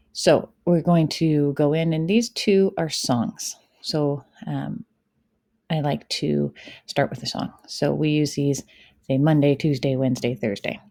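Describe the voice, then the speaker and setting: Low gravelly-voiced woman teacher. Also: warm tone, no echo, clean studio sound. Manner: chatty, explains step by step, light fillers. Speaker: kindergarten teacher. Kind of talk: tutorial walkthrough.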